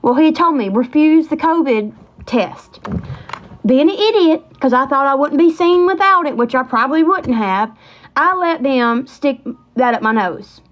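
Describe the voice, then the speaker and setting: Chatty high-voiced woman, lo-fi. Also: moderate pace. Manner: chatty, animated, rambling with Southern colloquialisms. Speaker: livestream host. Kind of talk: casual livestream storytelling.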